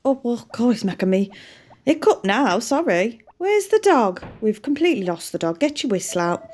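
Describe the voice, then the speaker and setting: A woman's voice: on the high side, sing-song, moderate pace, a little mellow. A British woman hosting a gaming channel, chatting casually over her gameplay and often laughing at herself. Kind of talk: casual let's-play commentary.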